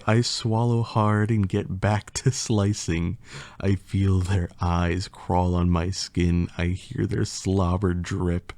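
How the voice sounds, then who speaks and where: Slow-reading man, laughing through it. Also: sits low, little pitch movement, a little mellow, no echo. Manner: keeps breaking into laughter while reading. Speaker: ASMR creator. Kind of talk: ASMR poem reading.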